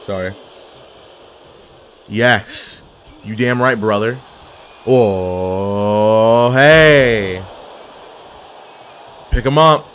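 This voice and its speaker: A young man streaming a wrestling video game, giving excitable, trash-talking commentary that swings from mumbling to yelling. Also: on the low side, extremely slow, pauses often, slight background noise. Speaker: gaming streamer. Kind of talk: live gameplay commentary.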